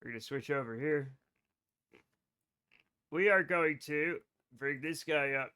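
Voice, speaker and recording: A man with a bright, somewhat high voice chats casually through a live game stream. He rambles from topic to topic, addresses his chat directly and swears without fuss. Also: a little slow, long pauses, clean tone. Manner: rambling, chatty, swears freely, talks to chat.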